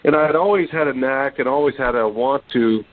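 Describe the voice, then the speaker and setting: A man in his forties from Texas, a sports broadcaster telling his story in a relaxed interview with lots of ums and restarts. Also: mid-range voice, brisk. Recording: dry, tinny phone-line sound.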